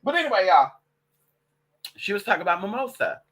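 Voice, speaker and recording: Trans woman vlogger, very animated pitch, sassy and foul-mouthed, chatty storyteller. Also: a little fast, breathy edge. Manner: sassy, profane, calls listeners honey and girl. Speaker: vlogger and witch. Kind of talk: casual vlog monologue.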